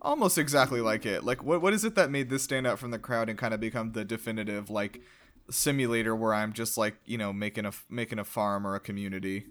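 A man's voice: on the low side, quick pace, fairly bright tone. A man hosting a casual group podcast chat, asking questions in a playful, joking way. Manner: playful, slips into joke accents. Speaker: podcast host.

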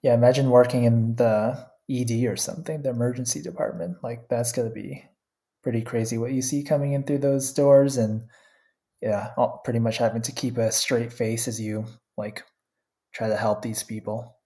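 Laid-back co-host, casual chat, mellow dark tone, soft laughs. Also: mid-range voice, steady tone, moderate pace. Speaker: podcast co-host. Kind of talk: casual anime episode discussion.

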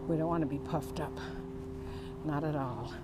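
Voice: medium pitch, fairly even intonation, normal speed, over loud music. A vlogger in casual devotional chat who sounds reflective and preachy and draws out key words for emphasis. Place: inside a moving car. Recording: road noise inside a car.

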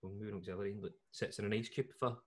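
A man's voice: on the low side, fairly even intonation, very fast. A Scottish man co-hosting a podcast, chatting casually in a jokey, rambling way with lots of restarts. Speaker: podcast co-host. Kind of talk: casual chat.

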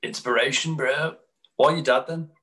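A man co-hosting a podcast in casual chat, telling animated stories and slipping into quick mimicked voices of other people. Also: fairly high pitch, rough recording. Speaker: podcast co-host.

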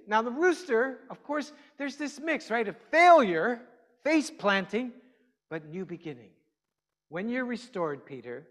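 A man preaching a conversational sermon, chatty and quizzing his congregation with questions. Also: sits high. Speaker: pastor. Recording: long hall reverb.

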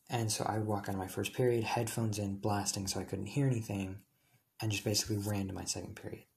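A young man with a somewhat low voice and a gravelly, vocal-fry edge tells a personal story. He rambles, leans on filler words and keeps correcting himself mid-sentence. It sounds like a casual storytime monologue. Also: darkish tone. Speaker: high school student telling a personal story.

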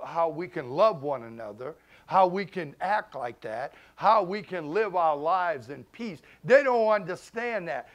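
A man, a pastor preaching a sermon in a conversational way, swinging between loud emphasis and hushed asides. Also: sits high. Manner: conversational, informal grammar and repeated phrases.

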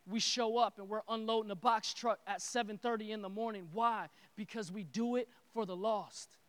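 A man preaching a sermon with energetic, repetitive call-and-response phrasing. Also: high-pitched, moderate pace, no room sound. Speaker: pastor.

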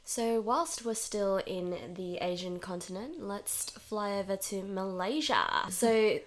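A woman's voice: medium pitch, takes it slowly. This is a young woman with an Australian accent, co-hosting a casual podcast. She's slightly hungover and easygoing. She tends to giggle between lines. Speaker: podcast co-host. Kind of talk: casual chat.

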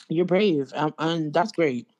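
A young woman co-hosting a casual chat, talking in an animated, slangy and blunt way. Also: sits low, takes it slowly, lo-fi sound. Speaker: co-host.

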